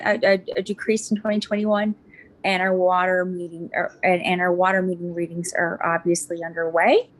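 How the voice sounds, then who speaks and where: A woman serving as deputy mayor, giving a committee report at a council meeting in a halting way, with frequent fillers and restarts. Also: mid-range voice. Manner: hesitant, many fillers and restarts. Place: council chamber.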